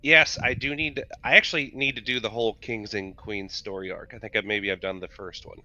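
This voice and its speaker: Man, livestream, matter-of-fact, very bright tone, dull lo-fi sound. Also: on the low side, steady tone, fairly quick. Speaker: news presenter on a gaming show. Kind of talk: casual livestream chat and reading patch notes. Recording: dull lo-fi mic.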